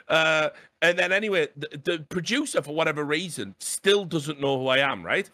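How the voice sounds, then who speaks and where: A man in his late thirties hosting a podcast, telling a story in an animated, sweary way and often asking "right?". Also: on the high side, moderate pace, hardly any pauses, no echo, studio quality. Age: 30s. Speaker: podcast host. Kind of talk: casual storytelling chat.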